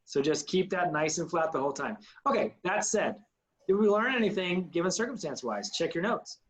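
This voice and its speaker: A man's voice: high-pitched, expressive, fairly quick, rough recording. A man teaching an acting class, coaching students and demonstrating lines aloud. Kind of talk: online acting class instruction.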